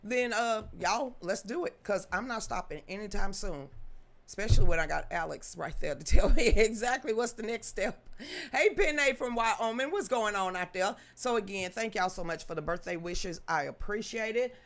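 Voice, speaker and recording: A woman hosts a live-stream show and talks straight to her chat in a loose, casual way. She is emphatic and chatty, greets viewers by name, and reads an article aloud. Her voice sits at an ordinary middle pitch. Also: moderate pace.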